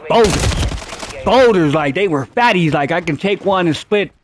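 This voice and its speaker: A man's voice: sits high, expressive, moderate pace, background noise. A man streaming a game, telling a rambling, profane story and repeating himself as he goes. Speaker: gaming streamer. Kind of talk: casual storytelling while gaming.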